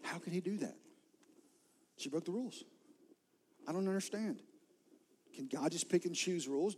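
A man preaching a sermon, retelling a scripture story vividly and swinging from loud emphasis to soft, near-whispered lines. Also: a little high. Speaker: pastor.

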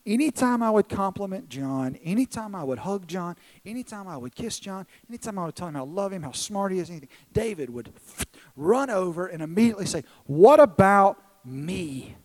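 A pastor in his thirties preaches from a church stage in an earnest, self-deprecating way. His voice sits a little high for a man, and he often stumbles and restarts his phrases as he tells his story. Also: a little mellow, poor audio. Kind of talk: sermon.

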